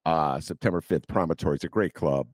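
An older man hosting a casual political talk show, joking and swooping into high teasing asides. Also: fast, darkish tone, no room sound, studio quality. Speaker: podcast host.

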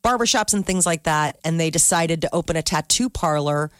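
A woman's voice: deep voice, fairly quick, no room sound, studio quality. A woman co-hosting a morning radio show, reading news items in casual banter and laughing easily.

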